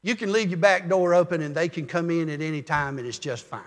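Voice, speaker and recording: Older male pastor in a reverberant church. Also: fairly high pitch. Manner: folksy storytelling, calm and measured. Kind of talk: sermon.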